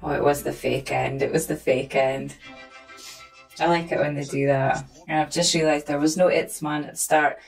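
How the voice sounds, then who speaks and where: A woman's voice: deep voice, steady tone, normal speed, creaky, soft background music. Giggly woman chatting. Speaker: reaction video host. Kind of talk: casual reaction commentary.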